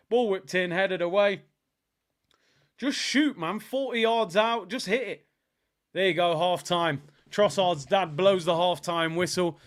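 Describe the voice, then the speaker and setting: A young man hosting a football watchalong livestream, chatting casually in slang-filled banter. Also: fairly high pitch. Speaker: livestream host.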